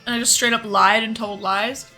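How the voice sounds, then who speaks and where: Young woman streamer, candid and rambling, bright tone with faint music behind. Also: fairly high pitch, steady tone, normal speed. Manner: candid, rambling, frequent swearing and laughs. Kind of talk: casual chat while cooking and gaming.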